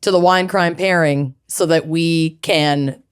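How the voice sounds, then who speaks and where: A woman's voice: low voice, steady tone, measured pace, clear, resonant tone. Bubbly woman co-hosting a podcast. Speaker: podcast co-host. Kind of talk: casual chat.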